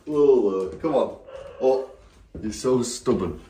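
A man coaxing and cheering along in a home video, his voice swooping up and down with lively melody. He talks slowly and unhurriedly, often breaking into laughter. The sound is roomy and echoey, with the hard reflections of a small bathroom around him. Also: medium pitch, background noise. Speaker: dog owner. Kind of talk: casual home video chat.

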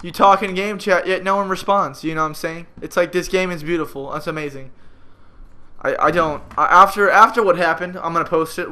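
A young man commenting on his own gameplay in an exasperated, frustrated rant with sudden loud outbursts, talking into a gaming headset at home. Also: fairly high pitch. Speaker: gamer.

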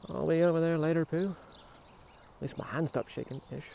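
A man with a gravelly, slightly high voice rambles into his phone outside, tired and shaky from digging. He jokes at his own expense between thoughts. Crickets and country ambience hum faintly behind him. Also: fairly even intonation, a little fast, dark tone. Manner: rambling, self-mocking, joking asides. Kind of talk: casual outdoor vlog. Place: outdoors in a rural garden.

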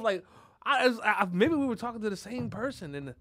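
A man hosting a podcast in casual chat, telling animated stories full of cursing and laughter. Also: sits high, fairly quick. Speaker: podcast host.

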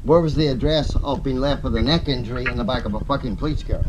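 A man's voice: mid-range voice, fast talker, noisy background. Angry kiwi guy going off at his advocate, swearing, repeating himself, accusing. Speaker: complainant confronting his advocate. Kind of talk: heated confrontation.

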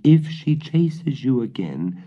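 A man voicing a sly, soft-spoken thin female cat who whispers and hisses, in a lively storybook reading on a dull old recording. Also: mid-range voice, slow pace, voice pushed up. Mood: conspiring. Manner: soft, hissing.

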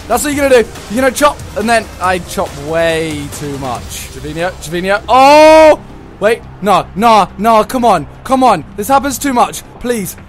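Young guy yelling at his football game, high voice, swings up and down a ton. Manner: excitable, shouting and pleading at the game. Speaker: gaming YouTuber. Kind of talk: live gameplay commentary. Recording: faint background music.

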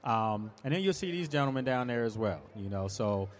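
A man's voice: mid-range voice, animated, a little fast. Talkative man hosting a mall event. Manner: loose and talkative, many restarts. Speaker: sports analyst and host. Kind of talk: live event chat and prize drawing. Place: shopping mall event stage.

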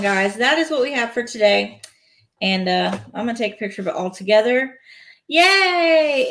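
A woman's voice: mid-range voice, fairly bright tone. A woman chatting playfully on a live stream from home, laughing between remarks as she builds a toy set. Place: home, indoors.

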